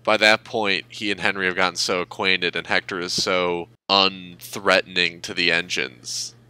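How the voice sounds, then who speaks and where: A man's voice: sits low, level tone, normal speed, bright, forceful tone, clear, resonant tone. A man co-hosting a casual podcast, thinking aloud with hesitant restarts and fillers. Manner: thoughtful, hesitant, many fillers. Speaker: podcast co-host. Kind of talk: casual chat.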